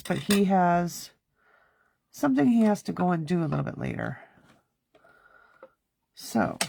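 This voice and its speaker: Chatting away and talking to herself while she works, a woman in her thirties runs a casual card-making livestream from her home studio. She has a fairly low, gravelly voice, and there's a little hiss or hum on the recording.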